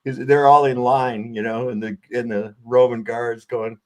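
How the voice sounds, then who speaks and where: A man in a relaxed live-stream conversation recounts comedy bits with gusto. He switches into the characters' lines as he tells them. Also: mid-range voice, moderate pace. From outside England. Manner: tells jokes in storytelling fashion, acting out dialogue. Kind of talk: casual live-stream chat.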